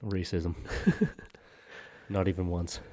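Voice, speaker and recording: Low-voiced young guy joking around. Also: little pitch movement, drawn-out words, mellow. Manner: rambling, joking, frequent laughs and fillers. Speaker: podcast co-host. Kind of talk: casual crude banter.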